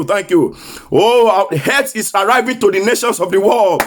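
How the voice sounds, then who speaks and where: A man's voice: high-pitched, moderate pace, slight background noise. A male pastor preaching a sermon, chanting repeated prophetic declarations and leading prayer.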